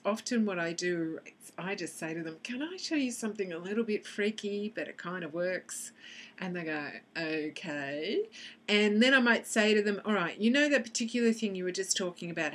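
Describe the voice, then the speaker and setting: A woman teaching how to use tapping with children, acting out both sides of a session as she explains. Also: medium pitch. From Australia. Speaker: EFT practitioner. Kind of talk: instructional explanation to camera.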